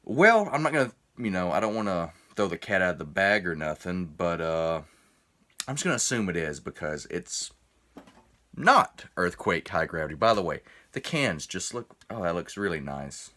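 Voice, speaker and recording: A man's voice: low voice, lively intonation, normal speed, bright, forceful tone. A man rambling through a casual beer review video, a little tipsy after a few drinks. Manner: rambling, chatty, self-interrupting.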